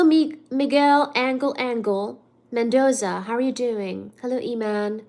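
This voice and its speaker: A chatty woman hosting a casual livestream, with a voice a little higher than most. She talks loosely with her viewers and reads their comments aloud, sometimes in a playful singsong. She sounds a bit stuffed up. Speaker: livestream host.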